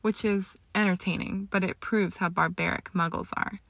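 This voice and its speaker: A woman's voice: medium pitch, fairly even intonation, moderate pace, gravelly, fairly bright tone, no echo. A woman voicing a haughty, scornful young male wizard who speaks in a curt, dismissive way.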